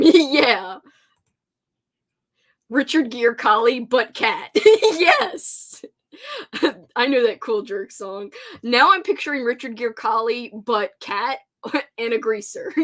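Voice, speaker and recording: A woman's voice: on the high side, fairly bright tone. A woman hosting a casual livestream chat, giggly and rambling. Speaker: host.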